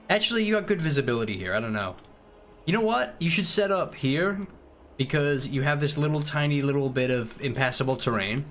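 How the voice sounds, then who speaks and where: In a very animated, brisk, fairly bright mid-range voice, a British man streams a strategy game live, joking and rambling with chat as he explains tactics. There's slight background noise, and the commentary is casual.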